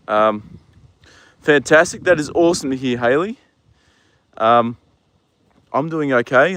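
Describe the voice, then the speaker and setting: A young man from New Zealand talks casually on a livestream from a horse paddock, his voice sitting at an everyday middle pitch. He is relaxed and chatty, drops the odd swear word, and softens to coo at his horse between viewer comments. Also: a little hiss or hum.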